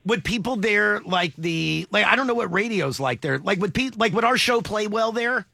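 A man's voice: high-pitched, expressive, vocal fry, pushed and bright, no echo. A man hosting a radio show, playful and teasing in his banter with guests and co-hosts. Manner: playful, joking, quick to tease. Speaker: radio host.

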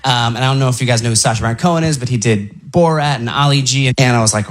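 A man's voice: mid-range voice, quick pace, few pauses. A man doing stand-up, telling a story with animation and acting out each exchange. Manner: animated, acts out the dialogue. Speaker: stand-up comedian.

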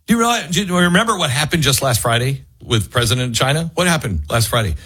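Husky, animated male talk radio host. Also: mid-range voice, no echo. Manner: emphatic, argumentative, shifts quickly between loud and hushed. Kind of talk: political talk radio commentary.

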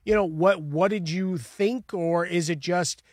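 Slightly high-voiced radio co-host. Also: male voice, measured pace, no echo, studio quality. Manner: analytical, hesitant with many "uh"s. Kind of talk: sports radio talk.

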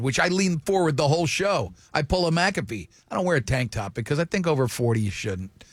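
A man in his forties hosting a morning radio show, rambling and excitable in casual banter. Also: fairly high pitch, brisk, no echo.

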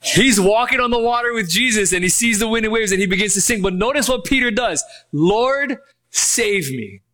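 Pastor guy preaching, lively, does little voices for quotes, high voice. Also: quick pace. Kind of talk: sermon.

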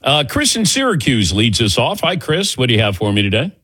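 A man hosting a sports talk radio show, taking callers in a relaxed, joking, conversational way. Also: medium pitch, breathy edge. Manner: relaxed, conversational, quick to joke. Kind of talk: casual sports radio chat.

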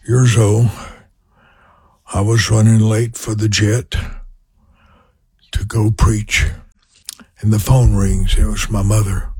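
An elderly evangelist in his eighties with a Louisiana drawl preaches in an unhurried, folksy way, his husky, breathy voice low in pitch. The sound is close and dry, with no room around it. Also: a little mellow, no echo. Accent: Southern US, Louisiana. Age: 80s. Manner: slow, folksy storytelling with prayer. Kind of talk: sermon with personal stories.

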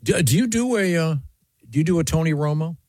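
A male radio host interviewing a guest in a relaxed way, with many pauses and fillers. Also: on the high side, no echo, studio quality.

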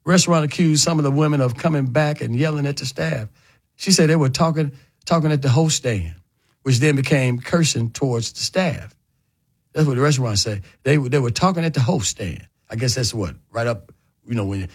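A man hosting a morning call-in radio show, telling a story in a loose, colloquial, animated way. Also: fairly quick, husky. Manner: animated, colloquial storytelling with lively pitch swings. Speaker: radio talk show host.

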